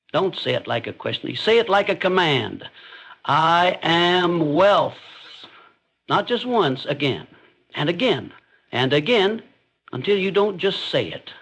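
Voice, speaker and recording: A man delivers scripted motivational narration, each line landing with firm emphasis. His voice sits a little on the high side. The tone stays intense and declarative throughout. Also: gravelly, fairly bright tone, breathy edge, low-quality recording.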